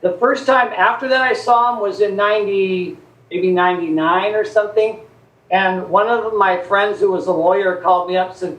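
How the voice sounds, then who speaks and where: A man, a guest on a chat show, telling a long anecdote in a lively, chatty way and acting out the quoted voices. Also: sits high, moderate pace, roomy sound, rough recording. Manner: animated storyteller acting out quotes. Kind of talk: casual storytelling chat.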